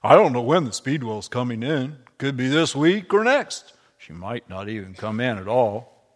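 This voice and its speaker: A man's voice: medium pitch, sing-song, normal speed. A man voicing a kindly older Quaker miller who talks in a folksy, considered way, in a room with a long echo. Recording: echoey room with long reverb.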